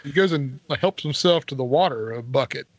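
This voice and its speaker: A man's voice: mid-range voice, brisk, dry recording, highs cut off. A man co-hosting a casual film discussion, rambling with frequent restarts and repeated words. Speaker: film club co-host.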